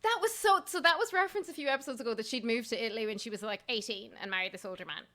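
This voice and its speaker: Bright-voiced woman, chatty. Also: on the high side, lively intonation, racing. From Ireland. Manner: chatty, laughing often. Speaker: podcast host. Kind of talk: casual chat.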